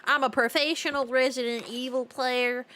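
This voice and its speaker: A woman plays a horror game live, talking to her chat in a playful, giggly way and laughing frequently. Her high voice holds steady at a moderate pace, bright and forceful, with slight background noise.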